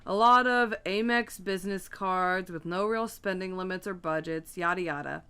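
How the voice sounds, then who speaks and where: A woman co-hosting a podcast, tossing in quick quips and reading out a story in casual chat. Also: on the low side, pushed and bright, clean tone. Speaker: podcast co-host.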